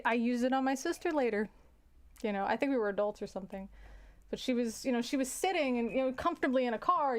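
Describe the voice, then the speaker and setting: A woman who teaches, chatting casually and telling rambling, self-interrupting stories with frequent laughs. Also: on the high side. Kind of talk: casual storytelling chat.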